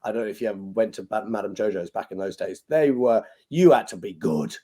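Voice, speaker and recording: Animated British man telling stage stories. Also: fairly low pitch, brisk, breathy edge. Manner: animated, swears freely, acts out quoted lines. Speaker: podcast guest, magician and compere. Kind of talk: anecdotal storytelling interview.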